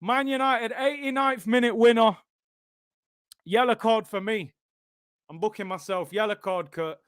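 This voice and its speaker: A young man reacts live to a football match, his high voice jumping between chatty banter and excited shouts. His tone is smooth and clear, and it sits close and dry with almost no room sound. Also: a little slow, no room sound. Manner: excitable, shouts and repeats himself at big moments, banter with chat. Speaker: football watchalong streamer.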